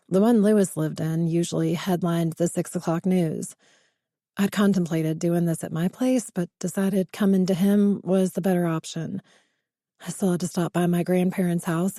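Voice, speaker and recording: A woman's voice: fairly low pitch, warm tone, no room sound, studio quality. A woman giving a first-person scripted audiobook narration with tense, suspenseful storytelling.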